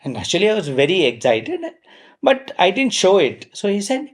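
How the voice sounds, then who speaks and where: A middle-aged man, telling personal stories at a devotional gathering in a lively way, with frequent fillers and self-deprecating asides. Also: high voice, moderate pace. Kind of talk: anecdotal storytelling talk.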